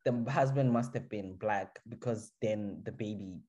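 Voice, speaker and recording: A woman's voice: rumbling low, measured pace, highs cut off. A woman co-hosting a casual chat, rambling and restarting her thoughts. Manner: rambling, restarts a lot, animated. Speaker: podcast co-host. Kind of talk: casual chat reviewing a reality show.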